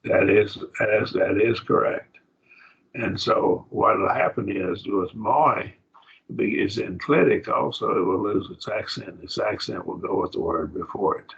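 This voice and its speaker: A man's voice: fairly low pitch, a little slow, gravelly, slightly rough. A man teaching a college-level Bible study class, working through Greek grammar and thinking aloud with frequent restarts. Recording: dull lo-fi recording.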